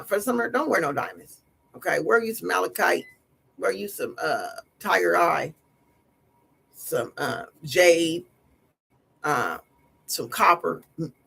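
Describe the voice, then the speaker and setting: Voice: medium pitch, vocal fry, a bit bright, slightly rough. A tarot reader hosting a casual livestream, talking in a blunt, slangy, scolding way. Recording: noisy livestream audio.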